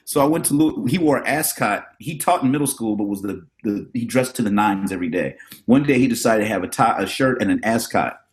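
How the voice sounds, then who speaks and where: A middle-aged man, a drummer and educator, telling animated stories about his mentors as a podcast guest and acting out the voices of the people he quotes. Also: on the low side, fairly quick. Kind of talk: casual storytelling interview.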